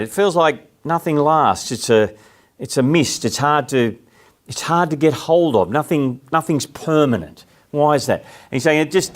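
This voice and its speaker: A middle-aged Australian man speaks to a live audience in an easy, conversational way. He keeps asking his listeners questions and pauses to explain ideas. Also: medium pitch. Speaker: speaker giving a talk.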